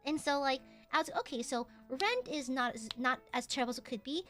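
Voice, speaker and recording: A young woman streamer with a very high, bright voice that swings widely in pitch. She chats warmly one moment and shrieks curses at her chat the next, excitable and unfiltered. Soft music plays faintly behind her. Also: brisk. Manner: excitable, swears, jumps from tender to shouting at chat. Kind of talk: casual livestream chat.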